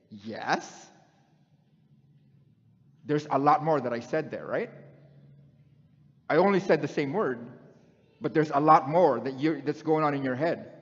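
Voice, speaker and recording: A middle-aged male preacher giving a conversational sermon and putting questions to the congregation. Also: fairly high pitch. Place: church hall. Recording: dull sound in a long-echoing hall.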